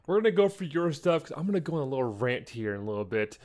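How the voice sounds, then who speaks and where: A man's voice: mid-range voice, very animated, quick pace, hardly any pauses. Young guy on a podcast going off on a rant, fed up, casual talk. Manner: ranting, exasperated storytelling. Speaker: podcast co-host.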